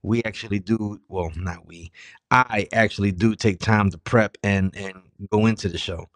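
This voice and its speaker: A man's voice: on the low side, steady tone, normal speed, no echo. A man hosting his own podcast solo, talking in a loose, profane, irritated way with a sore mouth. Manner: profane, loose and irritated, swings from muttering to loud outbursts. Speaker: podcast host. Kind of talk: casual solo podcast rant.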